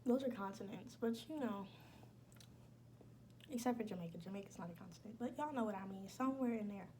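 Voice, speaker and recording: Chatty young woman with a mellow voice. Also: medium pitch, fairly quick, slight background noise. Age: young adult. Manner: chatty, blunt, slangy and emphatic. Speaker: vlogger. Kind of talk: casual chat.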